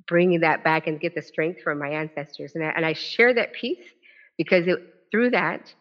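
A woman who is an author and former legislator tells a personal story from a podium at a live event. She talks in an animated way, with quick restarts and quoted dialogue. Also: low-pitched. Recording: dull lo-fi event recording.

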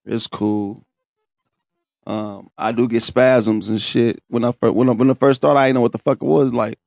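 A man telling his own story in casual, profane, animated talk, laughing and breaking into high shouts. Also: measured pace, creaky, long pauses, dry recording.

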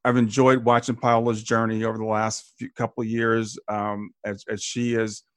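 A man's voice: lowish voice, level tone, normal speed, dry recording. Male host on a video call, appreciative and stammering, dry close sound. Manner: warm, appreciative, stammering restarts. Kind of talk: interview wrap-up.

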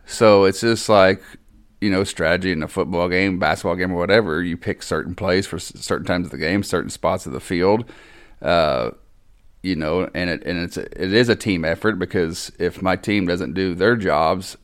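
A man's voice: sits low, moderate pace. A man who races cars, chatting as a guest in an easygoing, hesitant way. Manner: easygoing, hesitant, many restarts. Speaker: race car driver, podcast guest. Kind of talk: casual chat.

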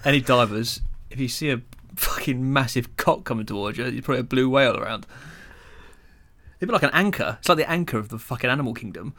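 A man's voice: mid-range voice, fast, a bit bright. A man, co-hosting a podcast in crude casual banter, swearing freely and laughing often. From England. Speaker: podcast co-host.

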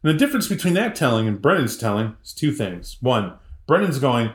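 A man's voice: medium pitch, fairly quick, hardly any pauses, roomy sound. Joking man retelling a story. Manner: animated, joking, full of voices. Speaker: podcast co-host. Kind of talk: casual storytelling chat.

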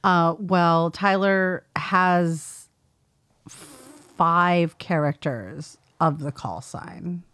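A woman with a fairly low voice co-hosts a podcast, chatting casually and reading listener mail aloud. She laughs often and teases playfully. The sound is close and dry. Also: extremely slow, fairly bright tone, smooth, no echo. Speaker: podcast co-host.

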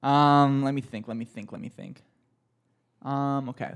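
Excitable podcast co-host. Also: mid-range voice, moderate pace. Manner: excitable, animated, laughing often. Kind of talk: casual chat.

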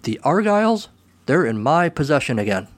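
A man voicing an excitable lonely friend. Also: medium pitch, normal speed, pitched above the performer's own voice, lightly acted. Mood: giddy. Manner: bursts between loud excitement and flat quiet. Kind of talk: read-aloud short story dialogue.

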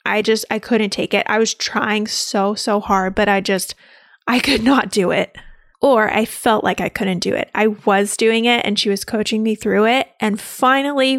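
Young woman nurse telling her birth story, kinda high voice, all heartfelt and excited, dry sound. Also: dry recording. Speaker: labor and delivery nurse. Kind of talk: personal birth story told to an audience.

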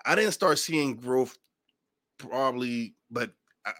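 A man hosting a podcast, talking casually with a cold and acting out his old doubts in a deep radio voice. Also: animated, slow, bright, forceful tone, no echo, studio quality. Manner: storytelling, acts out his own past thoughts. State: has a cold. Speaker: podcast host.

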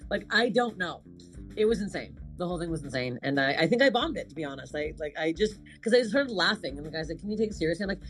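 Animated, laughing woman comic telling stories. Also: fairly low pitch, fast talker, faint music behind. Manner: animated storyteller, swears, laughs often. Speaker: comedic actress, guest. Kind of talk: casual chat.

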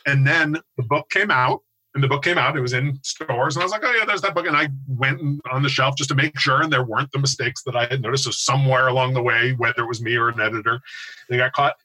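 A man's voice: medium pitch, fast talker, pushed and bright, poor audio. A man in his forties from the United States, telling a long self-deprecating story in casual podcast chat. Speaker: podcast co-host.

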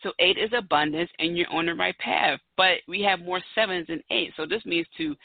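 A woman's voice: fairly low pitch, no room sound. A woman in her thirties hosts her own podcast. She talks in a chatty, emphatic way and leans hard on her key points. The sound is tinny and narrow like a phone line, and very dry. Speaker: podcast host. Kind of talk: solo podcast talk.

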